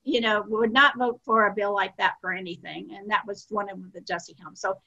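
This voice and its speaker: A woman's voice: medium pitch, fairly even intonation, moderate pace, vocal fry, sharp tone, dull audio. An older woman recounting her experiences as an interview guest in an earnest, self-deprecating, meandering way. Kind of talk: casual interview storytelling.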